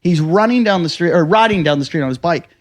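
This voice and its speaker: An American comedian and host spins a long anecdote in relaxed conversation. His voice sits a little on the high side, and he swears freely, throwing himself into shouted quotes of what he said. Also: quick pace. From United States. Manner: animated storyteller, shouts quoted lines, swears a lot. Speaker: podcast host, stand-up comedian. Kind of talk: casual storytelling chat.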